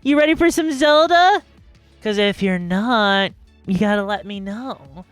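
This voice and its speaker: Smooth and medium-pitched, her voice moves at a measured pace. She's a live streamer chatting loosely and bubbly with viewers, addressing chat directly and rambling through asides, captured on a dry close mic with faint background music.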